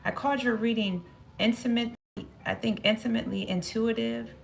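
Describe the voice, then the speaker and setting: A woman's voice: a little high, fairly even intonation, moderate pace, creaky, slight background noise. A woman giving a spoken tarot reading, musing aloud and repeating phrases as she draws cards. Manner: musing, repeats phrases, talks to herself while drawing cards. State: emotional at moments. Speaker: tarot reader.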